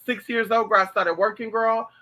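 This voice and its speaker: A man hosting a livestream, telling stories in a flamboyant, profane, animated casual chat. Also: high voice, moderate pace.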